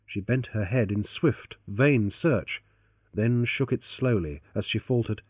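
A man's voice: on the low side, measured pace, slightly rough, no echo. A man narrating an adventure novel as an audiobook. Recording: tinny phone-like, dry.

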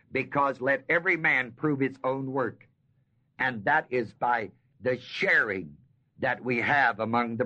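A man of medium pitch, his voice pushed and bright, delivers a folksy expository sermon on a Bible passage. He leans hard on drawn-out key words and questions his listeners, all on a dull lo-fi sermon tape.

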